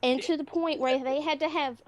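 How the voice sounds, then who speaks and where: A woman telling a story in a casual podcast chat, lively and laughing. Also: sits high, moderate pace, no echo.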